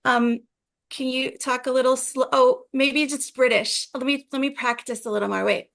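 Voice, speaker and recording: A woman's voice: high voice, steady tone, normal speed, gravelly, fairly bright tone. A young American woman from Los Angeles, a comedian guest chatting on a podcast in a playful, teasing, self-mocking way. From Los Angeles, USA. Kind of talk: casual podcast chat.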